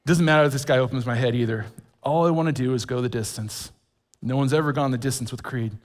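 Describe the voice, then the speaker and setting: A man voicing a humble, determined working-class boxer with a South Philadelphia accent and a low, slurred drawl. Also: quick pace, natural voice. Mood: earnest. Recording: long reverb of a large hall.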